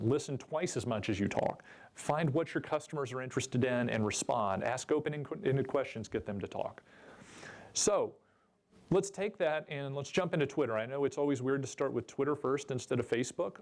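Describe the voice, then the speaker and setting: A man's voice: mid-range voice, darkish tone. Chatty man presenting to a room. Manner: chatty, jokey, asks the audience questions. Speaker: presenter at a convention seminar. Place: convention seminar room.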